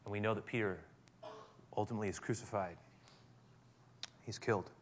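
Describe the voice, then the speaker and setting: A man's voice: fairly low pitch, fairly even intonation, a little fast, slight background noise. A man preaching a sermon, emphatic and speaking straight to his listeners with frequent direct questions. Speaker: pastor.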